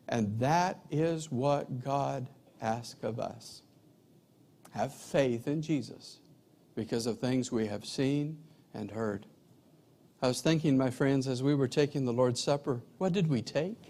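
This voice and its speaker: A middle-aged man preaching a sermon, telling stories and acting out dialogue. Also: medium pitch. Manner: animated storyteller, acts out dialogue.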